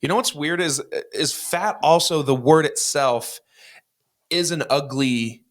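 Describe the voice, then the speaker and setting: A man's voice: a little high, a little slow. Male podcast host, casual and reflective. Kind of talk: casual interview chat.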